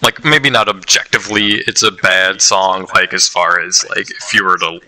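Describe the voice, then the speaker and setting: A man's voice: low voice, steady tone, moderate pace, sharp tone, a little hiss or hum, low-quality recording. A young man in casual chat about songs he dislikes, rambling a little and laughing often.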